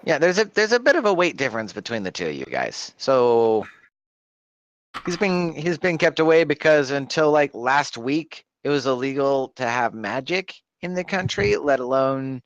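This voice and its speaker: A man playing a tabletop game, talking in a quick, animated way. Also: mid-range voice, no echo, dull audio. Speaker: player. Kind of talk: casual tabletop chat.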